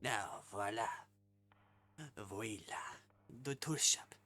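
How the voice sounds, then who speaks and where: A man's voice: on the low side, sharp tone, soft background music. Man doing a hammy French gourmet. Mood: theatrical. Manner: hammy mock French accent with drawn-out words. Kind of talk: reading game dialogue aloud in character.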